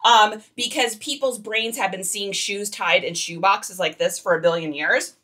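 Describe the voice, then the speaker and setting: A woman's voice: mid-range voice, normal speed, bright, forceful tone, recorded from a distance. A woman leading a casual livestream tutorial, chatty and giggly, and talking straight to her viewers. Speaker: online reseller teaching on a livestream.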